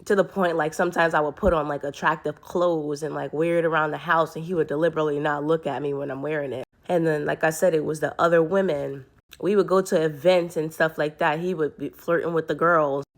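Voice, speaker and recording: A woman's voice: low voice, fairly even intonation, a little fast. A woman telling a personal story to camera in an earnest, rambling way, often restarting her sentences. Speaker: vlogger.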